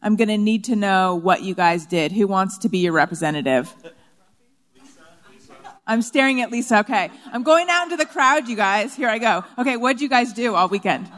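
A woman hosting a live comedy podcast on stage before an audience, candid and quick to laugh. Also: medium pitch, animated, fairly bright tone, long reverb tail. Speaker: podcast host.

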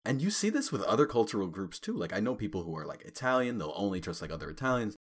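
A man of Caribbean background co-hosting a podcast, talking in a relaxed, reflective way and laughing often. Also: lowish voice, fast talker, husky. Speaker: podcast co-host. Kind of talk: casual podcast chat.

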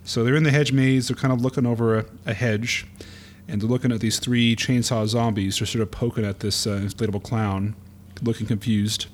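A man co-hosting a podcast, casually narrating a comic aloud in a playful, halting way with fillers. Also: medium pitch, fairly even intonation, a little hiss or hum. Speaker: podcast co-host.

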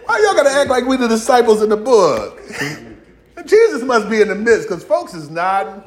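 A man's voice: very high-pitched, normal speed. A man preaching a sermon, playful and humorous, acting out voices of biblical figures in vernacular speech. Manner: animated, humorous preaching with acted-out dialogue; Southern-inflected vernacular, y'all and ain't. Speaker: pastor.

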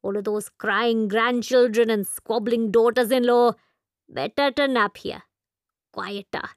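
A woman's voice: fairly high pitch, fairly even intonation, measured pace, no echo, close to an everyday voice. A talkative old shopkeeper, put on by a woman narrator for an audiobook, with a genial, rambling way of speaking. His phrasing is formal and old-fashioned, delivered unhurriedly in a close, dry recording. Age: older. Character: elderly male Indian shopkeeper, wry and talkative. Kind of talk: audiobook character voice.

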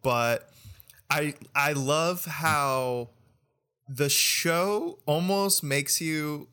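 A man's voice: on the high side, very slow, pushed and bright, clean tone. A man co-hosting a podcast in casual chat, speaking eagerly and stretching words for emphasis. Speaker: podcast co-host.

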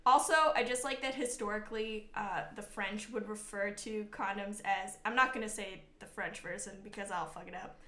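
A woman's voice: mid-range voice, fairly even intonation, normal speed, bright, forceful tone. A young woman co-hosting a casual comedic history podcast, acting out historical figures in silly voices. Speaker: podcast co-host. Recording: echoey room.

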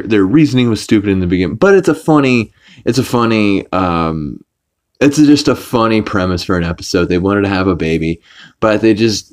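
A young man hosts a podcast and recaps an episode in a loose, rambling way. He swears freely and often restarts his sentences mid-thought. His voice sits a little on the low side. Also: darkish tone. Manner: rambling, profane, frequent restarts and fillers. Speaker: podcast host.

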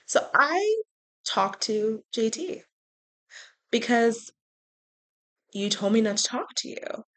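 A woman hosting a podcast, telling a personal story in a frank, animated way with sarcastic asides. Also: a little high, slow. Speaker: podcast host. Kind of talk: casual storytelling monologue.

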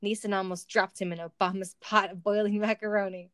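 Woman reading a dumb story out loud for laughs, cracks up at it, dry close mic. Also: medium pitch, flat delivery, brisk, smooth, no room sound. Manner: reads aloud with wry asides and laughs. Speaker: reader of a fan story. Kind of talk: comedic dramatic reading.

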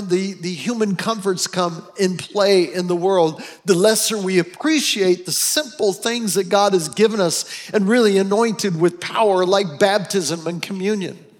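An American man preaching a sermon, telling personal travel stories in a heartfelt, emotional way with frequent restarts. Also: sits high. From United States. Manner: storytelling, emotional, with many restarts. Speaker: pastor.

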